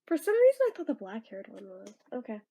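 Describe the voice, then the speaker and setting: Giggly chatty woman host, high voice, casual comic read-along with wry asides. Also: huge pitch swings, fast, breathy edge, dull audio. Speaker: video host reading a comic aloud.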